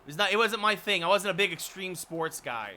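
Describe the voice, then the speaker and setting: Bright-voiced man streaming a hockey game. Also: high-pitched, brisk. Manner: chatty, switching to excited hockey play-by-play calls. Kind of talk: livestream gaming chat with play-by-play.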